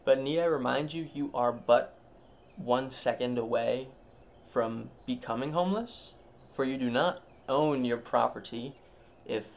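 A man's voice: medium pitch, creaky. A man hosting a solo podcast, rambling in a meandering, self-interrupting, mock-grand way. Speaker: podcast host.

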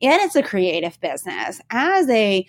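A woman's voice: medium pitch, wildly swooping pitch, normal speed. A woman hosting a podcast interview, chatty and enthusiastic, who laughs easily while sharing stories with her listeners. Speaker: podcast host.

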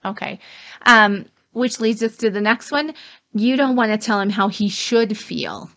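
A woman's voice: medium pitch, sing-song, a little slow, fairly bright tone. A middle-aged woman co-hosting a casual advice chat, walking through points one by one. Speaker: co-host.

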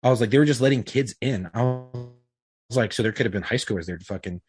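A man's voice: mid-range voice, a little fast, a little mellow, soft background music. A middle-aged man telling a story in casual, rambling chat, swearing freely and leaning on fillers. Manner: profane, rambling, uses lots of fillers. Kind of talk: casual storytelling among friends.

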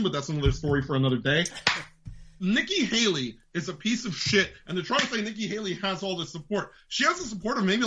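A man with a New York accent hosting a podcast, ranting about politics in a profane, fast, heated way. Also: high-pitched, pushed and bright. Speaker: podcast host. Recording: dull lo-fi sound.

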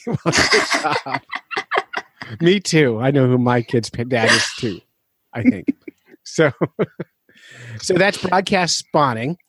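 A man's voice: medium pitch, expressive, slow, long pauses, a bit bright, slightly rough. A middle-aged man hosting a podcast, explaining facts in casual chat and breaking into jokes and laughter. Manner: jokey, explains facts then riffs, laughs often. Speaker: podcast host.

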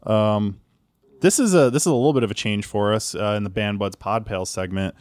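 Low-voiced guy hosting a podcast, rambly, lots of ums, dry close sound. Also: fairly quick, a little mellow, dry recording. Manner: rambling, many fillers and restarts. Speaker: podcast host. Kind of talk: casual podcast chat.

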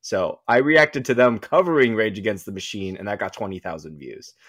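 A man's voice: fairly low pitch, fairly quick, fairly bright tone, dry recording, studio quality. A man guest on a podcast, chatting with enthusiasm about music reactions over a video call. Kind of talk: casual chat. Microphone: computer mic over video call.

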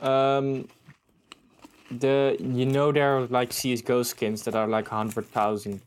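A man's voice: medium pitch, little pitch movement, a little slow, clear, resonant tone. A young man co-hosting a casual podcast, teasing and hesitant, with many fillers. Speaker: podcast co-host. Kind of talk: casual chat.

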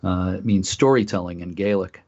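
Low-voiced man, halting and full of uhs. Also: a little mellow. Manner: halting, many filler uhs. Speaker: lighthouse group volunteer leader. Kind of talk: casual radio chat. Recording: dull lo-fi recording.

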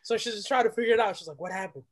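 High-voiced man telling a dramatic story. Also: very fast. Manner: lively, dramatic, drops to a hush for effect. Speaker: podcast guest. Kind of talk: animated storytelling.

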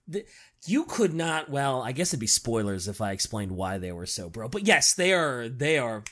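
A man's voice: medium pitch, big pitch swings, moderate pace, fairly bright tone. A young man co-hosting a casual chat about books, joking in a playful way and sometimes trailing off.

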